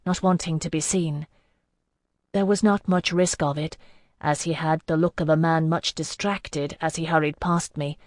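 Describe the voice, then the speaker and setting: An audiobook narrator reading a fantasy novel in measured, first-person storytelling. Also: medium pitch, no room sound, clean studio sound.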